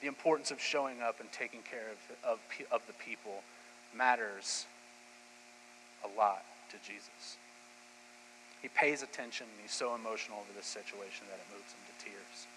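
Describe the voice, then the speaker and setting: A man preaching a sermon as a pastor, retelling scripture as lively, casual storytelling. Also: on the low side, normal speed, big-room sound, slight background noise, rough recording.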